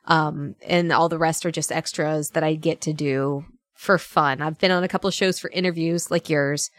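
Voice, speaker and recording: A woman's voice: low-pitched, fairly even intonation, moderate pace, no room sound. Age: adult. Sex: woman. Style: chatty podcast storytelling, acting out quoted lines. Mic: dry close recording. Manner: chatty storyteller who acts out quoted dialogue; frequent laughs and fillers. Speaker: voice actor guest. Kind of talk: casual podcast chat.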